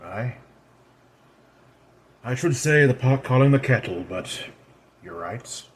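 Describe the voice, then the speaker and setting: A man's voice: medium pitch, animated, slow. A man voicing a stern ancient woman. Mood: wry. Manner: commanding, scolding. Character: ancient immortal red-haired woman, stern and proud.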